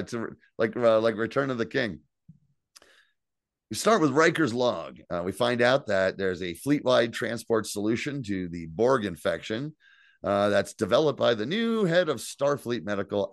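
Profane, animated man recapping an episode. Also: mid-range voice, creaky, no echo, studio quality. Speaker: podcast co-host. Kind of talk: casual recap chat.

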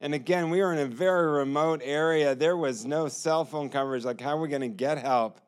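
A man's voice: fairly high pitch, fairly quick, clean tone. A man telling his personal testimony in an earnest storytelling manner, acting out the lines of others. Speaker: testimony speaker.

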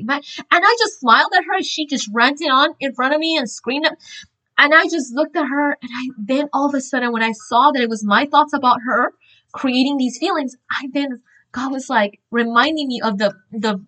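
High, bright-voiced woman sharing testimony. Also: a little fast, poor audio. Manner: earnest, animated storytelling with frequent "like" and restarts. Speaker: speaker sharing a religious testimony. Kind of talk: informal spoken testimony.

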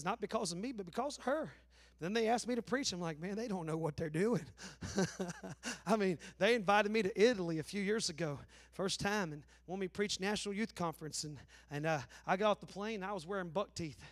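A man with an Appalachian accent preaching a sermon in a folksy, joking way, swinging between loud preaching and low asides. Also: fairly quick. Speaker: pastor.

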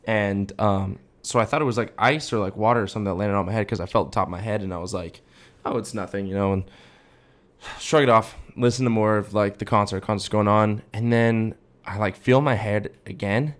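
A man's voice: on the low side, fairly quick. A young man co-hosting a casual podcast, telling a long rambling story full of filler words. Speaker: podcast co-host. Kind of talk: casual chat.

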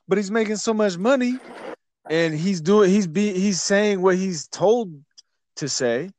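A man's voice: high-pitched, measured pace, a little mellow, no echo. A man co-hosting a podcast, talking bluntly and profanely in casual chat. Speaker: podcast co-host.

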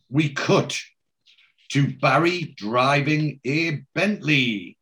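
In an unhurried, medium-pitched voice with a bit of brightness, a man from England recaps a TV episode for his podcast. He chats casually, recreating scenes and reciting the characters' lines.

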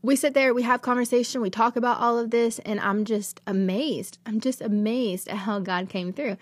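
A woman's voice: mid-range voice, dry recording. A woman, hosting a podcast and telling a personal faith testimony in an earnest, emotional, rambling way. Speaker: podcast host.

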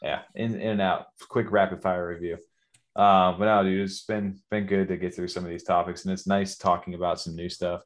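A tired man co-hosts a late-night podcast in a very low, flat voice. His talk is laid-back and slangy, with lots of casual asides to his co-hosts and listeners. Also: fairly quick. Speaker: podcast co-host.

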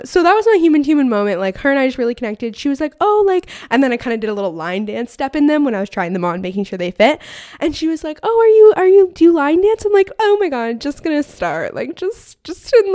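A woman's voice: on the high side, a little mellow, no echo, clean studio sound. A young woman hosting a casual solo podcast, bubbly and chatty, full of filler words, speaking into a podcast mic at home. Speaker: podcast host. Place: home room. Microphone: podcast mic on stand.

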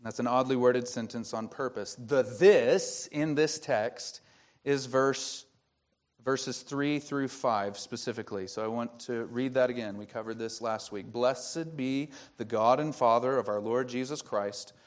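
A man's voice: medium pitch, fairly even intonation, normal speed. A man preaching a sermon as pastor, explaining the grammar of a Bible verse and asking rhetorical questions.

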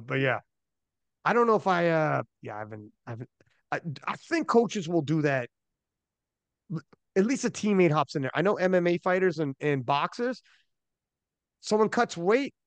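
A man hosting a podcast, telling stories in animated, profane casual chat on a close mic. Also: on the high side, no echo. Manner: animated storyteller, loose and profane. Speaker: podcast host.

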